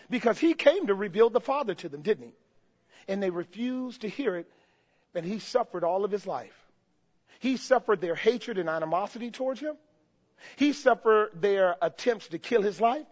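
A male pastor preaches a sermon, calling out to his congregation as he swings between shouted peaks and hushed passages. His voice is high and husky, captured with lo-fi sound.

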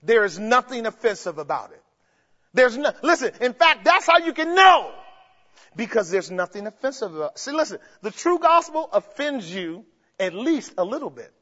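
High-voiced preacher in an echoing hall. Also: male voice, sing-song, moderate pace. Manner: emphatic, swings between shouts and low murmurs, asks the crowd rhetorical questions. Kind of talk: sermon. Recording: dull sound with long hall reverb.

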